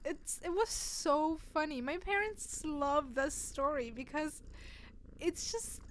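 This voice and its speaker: A woman's voice: high voice, takes it slowly, a little hiss or hum. A woman streamer chatting casually with her viewers, telling stories animatedly and laughing often. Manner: giggly, animated storytelling. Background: faint cat purring sounds.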